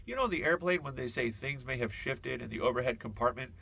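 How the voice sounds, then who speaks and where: A man hosting a podcast, telling a rambling comic story full of absurd tangents and deadpan asides. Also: mid-range voice, brisk, creaky, breathy edge. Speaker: podcast host. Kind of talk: comedic podcast monologue.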